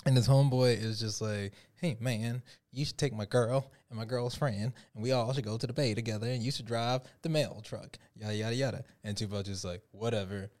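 A man's voice: medium pitch, fairly even intonation, brisk, few pauses, darkish tone. Rambling man telling stories casually. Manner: loose, rambling storytelling with many fillers. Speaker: guest musician. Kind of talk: casual podcast chat.

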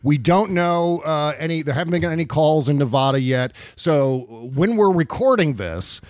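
A man's voice: on the high side, lively intonation, moderate pace, a little mellow, no room sound, clean studio sound. A man hosting a podcast, chatting casually and animatedly about election results, laughing and swearing freely. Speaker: podcast host. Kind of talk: casual political chat.

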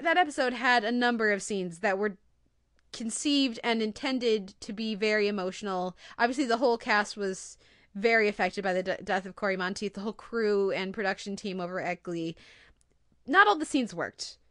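A woman's voice: mid-range voice, moderate pace, fairly bright tone, dry recording, clean studio sound. A woman hosting a TV podcast, chatting casually and getting emotional about favorite scenes. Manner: emotional, gushing. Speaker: podcast host. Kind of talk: casual TV review chat.

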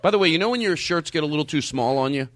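A man's voice: fairly high pitch, animated, rapid-fire. A man hosting a comedy podcast, rambling in casual chat with lots of laughter and restarts. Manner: rambling, laughing, self-interrupting. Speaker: podcast host.

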